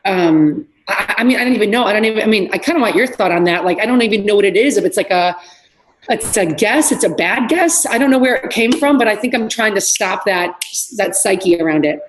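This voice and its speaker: A middle-aged woman, a fitness trainer, telling lively stories in a casual podcast chat and acting out what people said. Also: mid-range voice, brisk, a little hiss or hum, rough recording. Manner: animated storyteller, acts out quotes.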